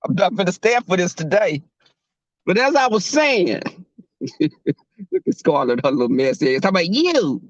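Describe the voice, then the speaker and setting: Young male streamer, high voice, animated and profane; dull, dry mic. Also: normal speed, pauses often, no room sound. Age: young adult. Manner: animated, profane, laughing, calls out chat viewers. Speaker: livestream host. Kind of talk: casual livestream chat with viewers.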